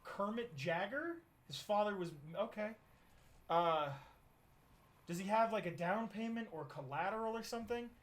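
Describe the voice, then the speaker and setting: A man's voice: high-pitched, animated, normal speed, voice pushed up. A man voicing a puzzled male bank manager in a joke told on a game stream.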